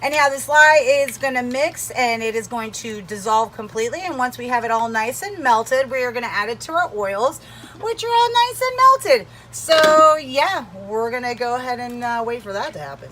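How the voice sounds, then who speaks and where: A woman's voice: on the high side, animated, normal speed, background noise. Chatty rambling woman demoing soap. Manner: chatty, rambling, jokey asides to viewers. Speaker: soap-making vlogger. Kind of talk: casual how-to demo.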